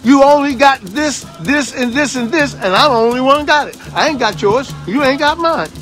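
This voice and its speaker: Man in his sixties with a very high voice, fiery and preachy, hammering lines home by repeating them. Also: animated, moderate pace, a bit bright, faint music behind. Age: 60s. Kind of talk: impassioned political monologue.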